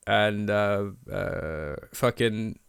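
A man's voice: fairly low pitch, drawn-out words, vocal fry, clean tone, dry recording, studio quality. A man with a South African accent co-hosting a casual film podcast, swearing freely and laughing often. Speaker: podcast co-host. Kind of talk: casual film-review chat.

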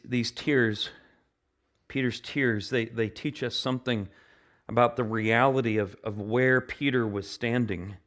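A male pastor delivers a sermon in a voice of ordinary, middle pitch. He speaks earnestly, doubling back on words and restarting phrases as he works through a point. At his high points he builds toward a louder, more impassioned delivery. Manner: turns impassioned and louder at climaxes.

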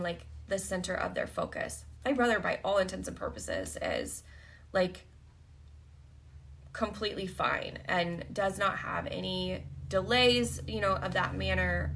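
Gravelly-voiced woman telling a blunt story. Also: medium pitch, bright, forceful tone. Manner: blunt, profane, laughs often. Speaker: podcast host. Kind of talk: candid storytelling monologue.

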